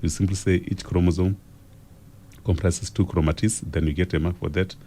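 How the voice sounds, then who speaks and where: A man with a South African accent teaching an exam revision lesson on radio, slow and repetitive as he dictates key phrases. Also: deep voice, steady tone, dark tone, a little hiss or hum.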